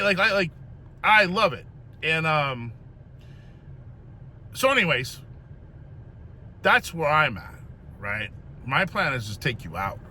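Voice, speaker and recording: A man's voice: a little high, sharp tone, slight background noise. A man in his fifties giving a rambling, emphatic motivational talk in a blunt manner, swearing freely. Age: 50s. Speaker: vlogger. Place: gym.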